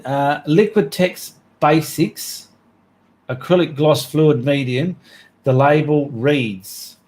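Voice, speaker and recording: An Australian man hosting a relaxed art livestream. He chats cheerfully with his viewers, reading their names and comments aloud and drawing out his thanks. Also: medium pitch.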